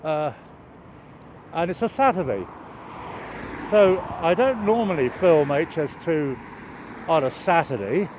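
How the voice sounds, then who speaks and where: A man's voice: a little high, animated, unhurried, pauses often. An older man chatting in a rambling, wry way with many fillers and restarts while walking outdoors and filming. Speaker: vlogger filming a construction site. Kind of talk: rambling walk-and-talk narration. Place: outdoors by a road, walking downhill. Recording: dull outdoor camera audio with traffic noise.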